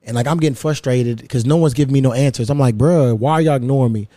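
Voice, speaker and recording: A man in his thirties hosting a casual podcast, telling a story in a lively, profane way. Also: mid-range voice, quick pace, dry recording, studio quality. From United States. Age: 30s. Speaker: podcast host.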